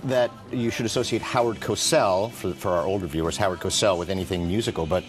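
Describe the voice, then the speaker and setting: A man's voice: low-pitched, fast talker, music in the background. A man hosting a morning TV interview, playful and teasing, laughing often. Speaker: TV host.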